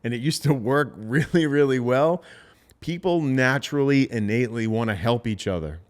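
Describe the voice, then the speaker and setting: A man's voice: medium pitch, expressive, normal speed. A man co-hosting a casual roundtable chat, talking emphatically and acting out sample sales calls. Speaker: podcast co-host.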